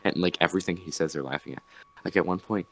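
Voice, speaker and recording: A man's voice: deep voice, fast talker, fairly bright tone, a little hiss or hum. A young man on a podcast, chatting casually and telling a rambling story with many restarts. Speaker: podcast host. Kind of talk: casual chat.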